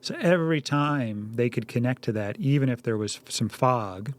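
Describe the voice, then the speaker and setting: A man's voice: medium pitch, normal speed. A middle-aged man co-hosting a parenting talk, earnest and storytelling, acting out little dialogues. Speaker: podcast co-host, parent.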